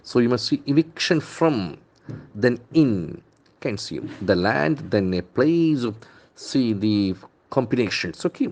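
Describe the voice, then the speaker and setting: A man with an Indian English accent teaching vocabulary from the newspaper, repeating words slowly and spelling out their letters. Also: medium pitch, big pitch swings, a little mellow. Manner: enthusiastic, calls words beautiful and brilliant. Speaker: English trainer.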